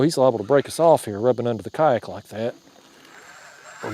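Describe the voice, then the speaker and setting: This is a man livestreaming fishing from a kayak on a river after dark, with slight background noise around him. In a warm, brisk, medium-pitched voice, he reads out viewer comments in a drawling, jokey way and cracks himself up.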